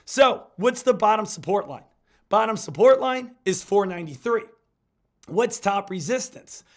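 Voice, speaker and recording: Hoarse, hyped trading streamer man. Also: sits high, animated, measured pace. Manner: hyped, repetitive, rallying. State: hoarse from illness. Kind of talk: live market commentary.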